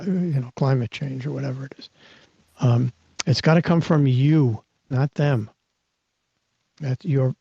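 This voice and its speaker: A man with a somewhat high, mellow voice talks as a host, teaching and coaching with emphasis. He keeps restarting and repeating words. The sound is dry and dull, like lo-fi online audio. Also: breathy edge, no room sound. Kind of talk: live audio-room talk, teaching.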